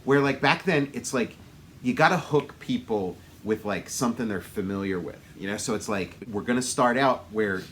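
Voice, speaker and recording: A man's voice: on the low side, moderate pace, a bit bright, a little hiss or hum. Musing male podcast co-host. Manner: musing, trailing off in restarts. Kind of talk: casual movie chat.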